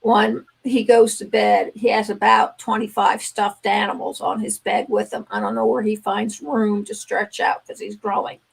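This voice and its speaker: A woman's voice: medium pitch, flat delivery, normal speed, creaky, few pauses, breathy edge, low-quality recording. An older woman, a grandmother, speaks as a guest on a talk radio show, telling stories earnestly and acting out the conversations in them. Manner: earnest storytelling, acts out dialogue.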